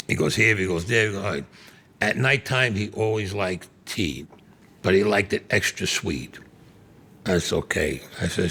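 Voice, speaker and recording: Gravelly older New man. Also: low-pitched, moderate pace, fairly bright tone. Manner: blunt, streetwise, swears freely. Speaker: interviewee. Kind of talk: casual storytelling.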